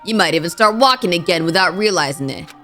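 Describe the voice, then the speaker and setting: A woman's voice: mid-range voice, a bit bright, soft background music, close to an everyday voice. A woman doing a swaggering tough-guy biker. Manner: slow, swaggering, drawled. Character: tough brash biker guy, young man.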